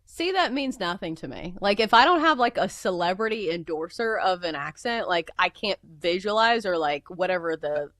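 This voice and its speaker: A woman's voice: on the low side, animated, normal speed, hardly any pauses, a bit bright, no echo. A woman from the with a stuffy nose from a cold, hosting a sports betting radio show in a chatty style. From American South. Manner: chatty, lots of fillers and laughs. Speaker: radio host. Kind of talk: casual sports betting chat.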